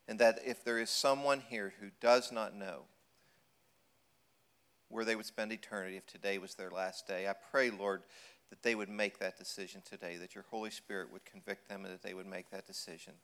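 A man's voice: fairly low pitch, a bit bright, clean tone. A man leading an earnest, reverent prayer as a guest speaker.

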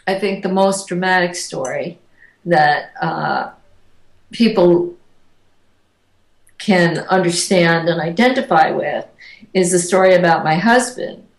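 A woman, an interview guest, telling personal stories in a casual, animated way and acting out the voices of the people she quotes. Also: fairly low pitch. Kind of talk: casual storytelling. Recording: echoey room.

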